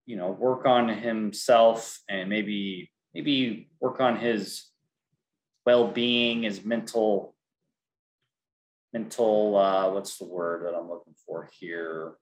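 A man's voice: on the low side, steady tone, slow. A man co-hosting a casual sports podcast, teasing and joking in a loose, playful way. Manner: joking, teasing, laughs at his own lines. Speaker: co-host.

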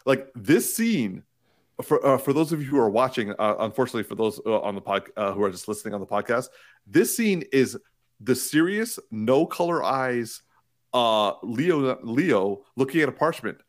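Excitable podcast co-host, rambling. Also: male voice, mid-range voice, moderate pace. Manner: excitable, laughs often, rambling restarts. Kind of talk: casual chat.

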